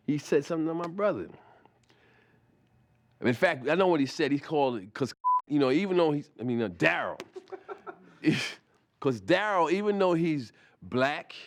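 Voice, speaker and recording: A man tells a comic story in a rambling, profane style. He restarts his sentences often and keeps looping back with asides. His voice sits at an ordinary middle pitch. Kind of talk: animated anecdote telling.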